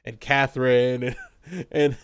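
A young man recapping a TV episode in casual chat, animated and laughing often as he acts out characters in quick voices. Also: mid-range voice, smooth, no echo, studio quality. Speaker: podcast co-host recapping a TV episode.

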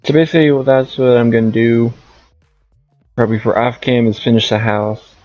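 A man's voice: medium pitch, steady tone, a little fast, darkish tone, lo-fi sound, soft background music. A man giving casual gameplay commentary as a streamer, rambling and thinking aloud. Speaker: gaming streamer.

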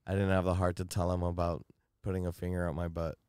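A low-voiced man talks fast against background noise as a returning podcast guest. He tells stories animatedly in a casual chat, laughing often.

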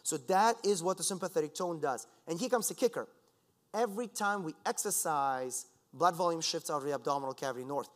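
A man giving a scientific conference talk, lecturing in a lively, conversational way with asides to the audience. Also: fairly high pitch, brisk. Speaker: conference speaker. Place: lecture hall.

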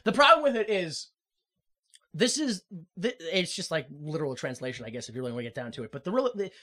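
Animated, swearing woman co-host. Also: sits low, fast talker. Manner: animated, rambling, swears casually. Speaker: podcast co-host. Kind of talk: casual chat.

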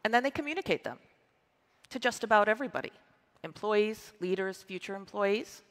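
A woman's voice: medium pitch, expressive, brisk. A woman in her forties giving an upbeat, emphatic scripted keynote to a conference audience. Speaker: conference presenter. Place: large conference hall. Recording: reverberant conference hall.

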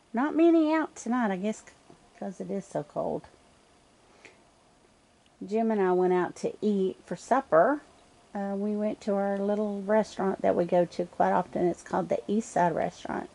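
An older woman from Nova Scotia, Canada, chatting calmly to the camera outdoors on a cold night, cooing sweetly to animals. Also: medium pitch, moderate pace, creaky. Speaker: wife feeding raccoons at home. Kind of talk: casual chat to camera.

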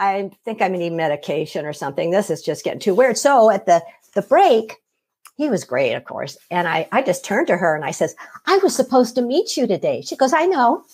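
A woman's voice: medium pitch, breathy edge. A middle-aged woman casually telling her own story, acting out the voices of the people in it. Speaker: guest telling her near-death experience.

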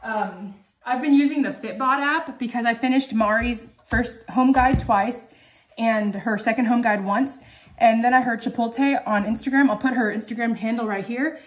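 A woman's voice: a little high, moderate pace. A young woman chatting casually in a home vlog, full of "um" and "like" and out of breath after a workout. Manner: chatty, many fillers like "um" and "like". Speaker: vlogger.

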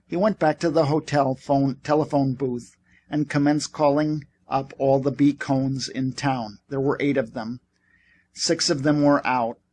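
A man's voice: mid-range voice, darkish tone. Man narrating an audiobook steadily.

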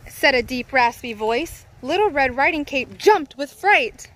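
A woman narrating a children's storybook aloud in a lively, playful way. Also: high-pitched, unhurried, a little hiss or hum.

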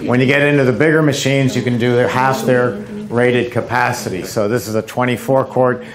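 Guy giving a machine demo at a seminar, relaxed and jokey, lots of uhs, busy crowd around. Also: mid-range voice, a little fast. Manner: relaxed, joking, hesitant with fillers. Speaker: equipment company presenter. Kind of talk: casual seminar demo talk. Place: seminar kitchen with audience.

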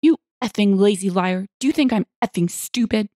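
A woman voicing a rude, shouting man who demands coffee, barking and aggressive. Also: medium pitch, lively intonation, normal speed, no room sound, clean studio sound, close to an everyday voice. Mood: angry.

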